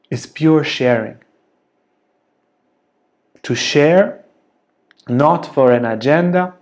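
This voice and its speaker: A man giving a spoken teaching talk, slow and deliberate, often checking in with a soft "yeah?". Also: mid-range voice. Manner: slow, deliberate, gentle delivery with frequent "yeah?". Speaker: yoga teacher.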